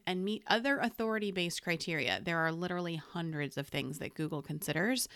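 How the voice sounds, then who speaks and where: A woman's voice: on the low side, a bit bright, smooth, no echo. A woman hosting a solo podcast from home, talking in a candid, conversational and encouraging way into a podcast microphone. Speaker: podcast host.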